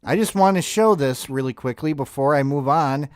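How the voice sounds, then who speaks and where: A man's voice: a little high, normal speed, a little mellow, no room sound. A blunt, sarcastic man hosting a reaction video and swearing freely. The recording is dry and close. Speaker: commentary host. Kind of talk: profane reaction commentary.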